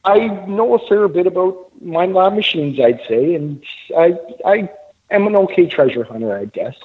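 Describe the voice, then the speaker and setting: A man from Canada, a guest phoning in to a live radio talk show, with a fairly high voice. He jokes at his own expense in easy, casual talk. The tinny phone line squeezes his sound. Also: animated, normal speed. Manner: joking, self-deprecating. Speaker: guest treasure hunter.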